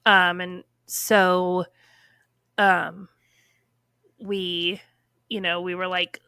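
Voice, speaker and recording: Animated woman telling a story, bright voice. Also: lowish voice, extremely slow, vocal fry, clear, resonant tone, no room sound, studio quality. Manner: animated, many fillers, acts out quotes. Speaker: podcast guest telling her story. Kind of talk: casual storytelling.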